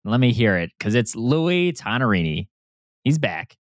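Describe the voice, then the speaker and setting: A man hosting a podcast, talking in an excitable, animated way and swearing freely. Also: mid-range voice, a little slow, no room sound, studio quality. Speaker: podcast host. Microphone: remote recording setup.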